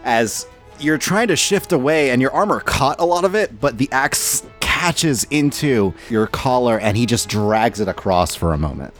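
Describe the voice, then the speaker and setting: A man narrating as game master of a tabletop role-playing game, with an animated delivery. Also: medium pitch, normal speed, faint music behind.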